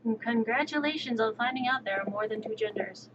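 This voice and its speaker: A woman livestreamer chatting casually and outspokenly while she plays, with quick, sassy asides. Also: fairly high pitch. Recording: dull lo-fi stream audio with steady background noise.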